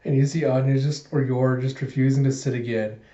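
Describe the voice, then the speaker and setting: Give me a man chatting through a manga recap, mellow tone, dull roomy audio. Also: mid-range voice, fairly even intonation, brisk. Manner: chatty, filler-heavy retelling. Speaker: manga reviewer. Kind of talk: casual reaction recap.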